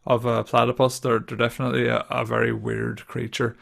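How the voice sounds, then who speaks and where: Host: English man, very gravelly voice, flat delivery, casual podcast chat. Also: medium pitch, fairly quick. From England. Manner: chatty, laughs easily, reads notes aloud.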